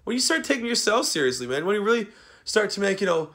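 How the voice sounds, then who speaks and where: A man on a rambling, profane rant, his fairly high voice leaping up and down in pitch. He lurches from loud bursts to low mutters and keeps ending sentences with "man.". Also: sing-song, fast. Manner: profane, rambling, tags "man" onto nearly every sentence; swings between loud outbursts and low mutters. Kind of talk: rambling angry monologue.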